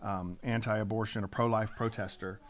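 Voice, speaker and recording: A man's voice: on the low side, little pitch movement, normal speed. A man, a pastor, teaching from the Bible on a talk show, earnest and building up steam, often restarting his sentences.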